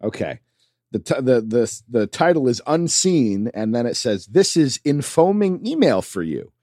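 A man co-hosting a casual podcast chat, animated and quick to laugh. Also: mid-range voice, no room sound, studio quality. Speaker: podcast co-host.

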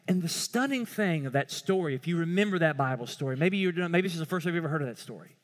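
A male pastor preaching a sermon with impassioned swings from loud pleading to hushed tones. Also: on the high side, lively intonation, fast, long reverb tail.

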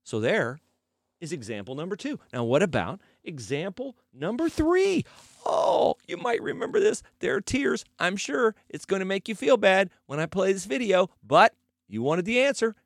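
A man's voice: sits high, sing-song, normal speed, gravelly, no echo, clean studio sound. A man hosting sports talk, arguing his point with rhetorical questions and sarcastic emphasis. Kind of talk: opinionated sports commentary.

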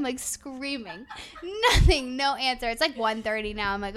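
A young woman with a high voice tells a long story in casual chat. She swears freely and laughs as she talks, keeping it loose and animated. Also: moderate pace. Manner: animated, swears constantly, laughs while telling.

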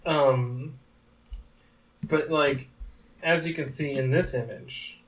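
A woman's voice: sits low, steady tone, takes it slowly, poor audio. A woman co-hosting a podcast in casual chat, playful and joking. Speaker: podcast co-host.

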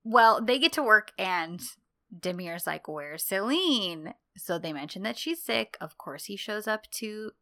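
A woman co-hosting a casual chat, retelling scenes and acting out the characters' lines. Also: medium pitch. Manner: animated retelling, acts out lines in quick voices. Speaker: podcast co-host. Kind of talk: casual chat recapping a drama.

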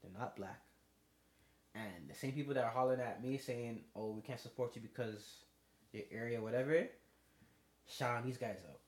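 A man's voice: medium pitch, normal speed, long pauses. A young man, chatting casually on a podcast and acting out both sides of his stories. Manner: animated storyteller, acts out both sides of conversations. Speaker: podcast co-host. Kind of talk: casual chat. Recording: roomy echo.

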